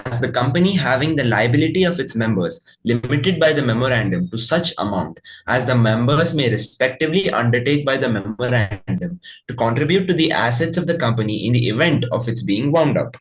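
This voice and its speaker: A man reading legal definitions aloud in a steady, formal way. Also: mid-range voice, a little fast, hardly any pauses, low-quality recording.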